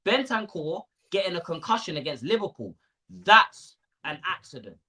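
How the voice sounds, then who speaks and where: Animated young man ranting. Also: sits high, normal speed, breathy edge. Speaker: football podcast panelist. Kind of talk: casual football chat.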